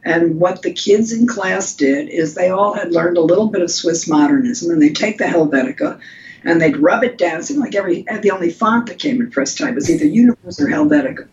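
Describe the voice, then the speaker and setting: Older woman, lowish voice, lively storytelling with restarts, lo-fi podcast audio. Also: a little fast. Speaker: guest designer. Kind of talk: conversational interview. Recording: lo-fi with faint rumble.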